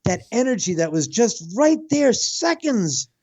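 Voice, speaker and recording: Man, high voice, rambling animated storytelling, casual chat, dry muffled sound. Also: unhurried, no echo. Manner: animated, rambling, swears freely. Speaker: guest, house owner.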